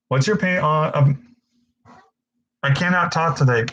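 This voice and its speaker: A man's voice: a little high, normal speed, pauses often, fairly bright tone, low-quality recording. A young man hosting a casual live-stream Q&A, frustrated and stammering, swearing often as he answers viewers.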